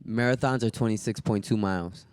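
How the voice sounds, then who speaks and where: A man who is a fighter tells stories on a podcast in casual, profane chat, swearing a lot and loudly, animatedly acting out what people said. His voice is on the low side and a little fast, with studio quality and no echo.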